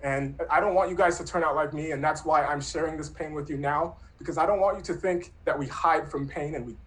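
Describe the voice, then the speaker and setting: A man in his thirties tells a true story from his own life, speaking earnestly and reflectively. His voice sits a little high for a man, and his delivery stays soft and unhurried. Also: rough recording. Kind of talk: personal storytelling.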